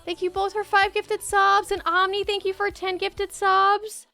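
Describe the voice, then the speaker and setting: Very high, bright-voiced excitable woman streamer. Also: measured pace, creaky, faint music behind. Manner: excitable, giddy, often laughing and exclaiming. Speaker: streamer hosting a tabletop game session. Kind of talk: live stream chat thanking viewers.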